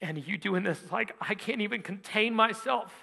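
A young man preaching, telling a personal story with animated energy and rising volume as he drives to his point. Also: sits high, moderate pace, gravelly. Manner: animated storytelling, loud when quoting himself. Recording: long hall reverb.

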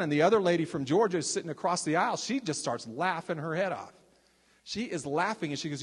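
An older man from Texas telling his testimony as a ministry leader, in a chatty, animated storytelling manner with frequent restarts and asides. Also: sits high, brisk, husky, big-room sound.

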